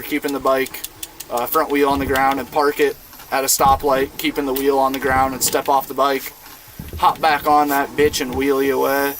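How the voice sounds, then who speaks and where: Inside a van, with slight background noise, a man speaks at medium pitch with a fairly bright tone. A gaming streamer from Iowa in his twenties, he tells a loose, profane, filler-packed story in a laid-back way while casually chatting on his game stream.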